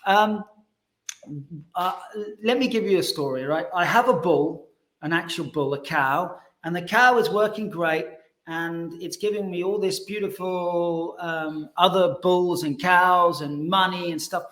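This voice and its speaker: A man's voice: sits high, unhurried, a bit bright, roomy sound. A man voicing a stubborn older male financial advisor, telling a mock-earnest story.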